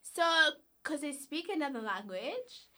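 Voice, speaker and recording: A woman's voice: sits high, measured pace. A young woman, a university student, chatting casually and acting out what other people say. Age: young adult. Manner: animated storytelling, acts out quoted people. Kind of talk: casual chat.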